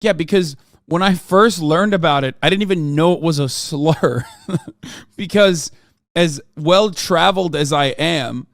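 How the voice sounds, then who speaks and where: A man from the United States, streaming and reacting to a video and chat in a profane, animated rant. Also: fairly high pitch, measured pace, no room sound, studio quality. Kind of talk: casual live-stream reaction and chat replies.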